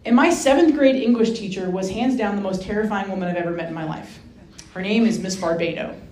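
A woman from Rhode Island, a Franciscan sister, telling a personal story as a guest speaker, lively and self-mocking, acting out the voices in her story. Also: medium pitch, fairly quick. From Rhode Island, USA. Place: hall with an audience. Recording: roomy echo.

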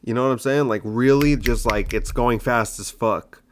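Mid-range in pitch and moderate in pace, this young adult man hosts his own show as a stand-up comic, rambling and mocking his past material. A slight background noise runs under the casual monologue.

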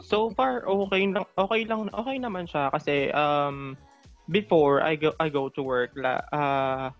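A man's voice: on the high side, a little slow, soft background music. A shy, hesitant man in his twenties with a Filipino accent, answering as a guest on a casual call. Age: 20s. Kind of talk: casual chat. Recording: dull audio.

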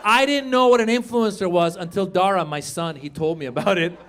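A man from Iran performing an animated stand-up comedy set on a club stage, shouting some punchlines. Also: sits high, a little fast, some chatter behind, slight background noise. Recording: live club recording with audience.

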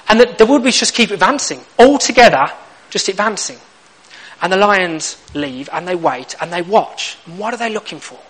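A man's voice: on the high side, fairly bright tone, low-quality recording. A young man preaching a sermon, telling stories with humor and acting out little exchanges. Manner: humorous storytelling, acts out lines.

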